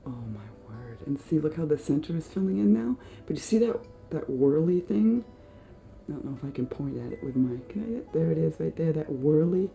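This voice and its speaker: Giggly, awestruck woman, low and mellow. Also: vocal fry. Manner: gushing, giggly, easily awed. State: tired late at night. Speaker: art vlogger. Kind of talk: casual chat to viewers.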